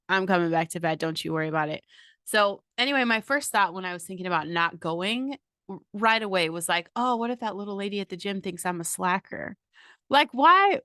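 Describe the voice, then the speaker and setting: A woman's voice: lowish voice, pushed and bright, no echo, studio quality. A middle-aged woman hosting her own podcast, talking casually and bluntly with plenty of swearing and fillers. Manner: blunt and profane, chatty with many fillers. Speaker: podcast host. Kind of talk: casual motivational monologue.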